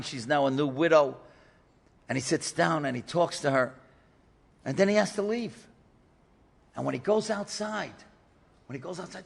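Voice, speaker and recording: A man, a rabbi, telling a story in an animated lecture and acting out the voices of the people in it. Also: fairly high pitch, gravelly. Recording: lecture in a reverberant hall.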